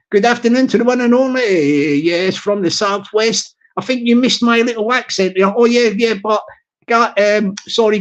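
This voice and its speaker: A man's voice: very high voice, muffled recording. Rambling man chatting. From Southwest England. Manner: rambling, jokey, repeats himself. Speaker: livestreamer. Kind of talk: casual livestream chat.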